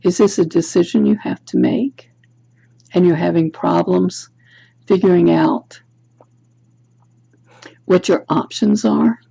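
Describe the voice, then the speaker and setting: Reading tarot to camera in a room at home, a woman muses aloud and asks the viewer reflective questions, pausing often. Her lowish voice is slow, expressive, gravelly, and mellow with a breathy edge, muffled by the camera's built-in mic.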